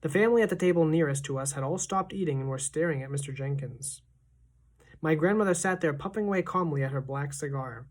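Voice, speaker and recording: A woman teacher reading a children's novel aloud in a steady, expressive narration. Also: sits low, fast.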